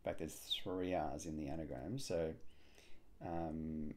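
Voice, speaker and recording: A man solving a cryptic crossword aloud, musing and hesitant, with frequent pauses and fillers. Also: rumbling low, steady tone, background noise. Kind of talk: thinking aloud while solving.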